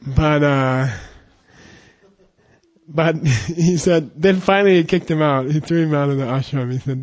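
A man who is a Buddhist monk, telling a teaching story casually, rambling and halting with fillers. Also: fairly high pitch.

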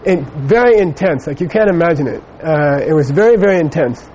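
A man's voice: fairly high pitch, animated, fairly quick, a little mellow, a little hiss or hum, poor audio. A middle-aged man giving a Buddhist teaching, telling a personal story in a rambling way with many fillers. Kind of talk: dharma talk with personal anecdote.

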